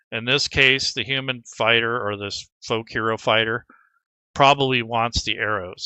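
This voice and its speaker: A man's voice: medium pitch, pushed and bright, smooth, no echo. A man talking casually through a tabletop game prep tutorial, rambling with frequent restarts as game master. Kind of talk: screen-recorded tutorial.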